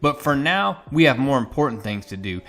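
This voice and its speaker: A man reading out the lines of a steady, practical male field commander from a comic in a plain, measured way. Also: medium pitch.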